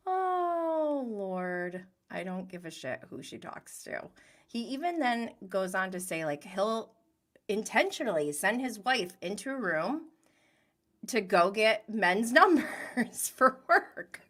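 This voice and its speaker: Chatty, bright-voiced woman recapping TV. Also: medium pitch, big pitch swings, slow. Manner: chatty, giggly, acts out quotes. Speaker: reality TV recap host. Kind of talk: casual video recap.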